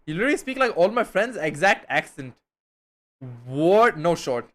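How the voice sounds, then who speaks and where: Slangy young streamer, slightly high voice. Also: male voice, very animated, normal speed, a bit bright. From India. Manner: slangy, swearing, chatty and rambling. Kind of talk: casual chat with viewers.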